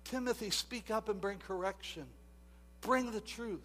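A high-voiced, bright-toned male preacher. He drifts into soft asides, then builds to loud, emphatic exhortation, often repeating and restarting his words. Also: a little slow. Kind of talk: sermon.

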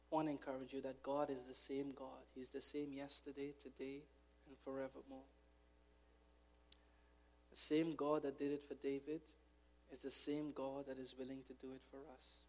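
A man preaching a fervent sermon as a pastor, building from calm urging to loud, impassioned exhortation. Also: medium pitch, normal speed. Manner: fervent preaching, rising to shouts.

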